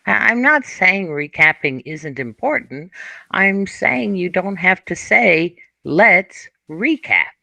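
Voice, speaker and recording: A woman reads a detective's lines in a slow, gravelly voice. Her pitch moves a lot as she delivers each line dry and curt. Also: expressive, pushed and bright, no room sound. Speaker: reader playing a detective. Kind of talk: reading a script aloud.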